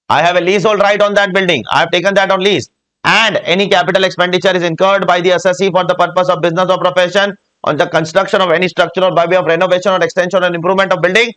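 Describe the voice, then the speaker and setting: A man's voice: sits high, a bit bright. A man with an Indian English accent giving a classroom tax lecture, often quizzing the class and repeating key points. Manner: asks the class frequent check questions.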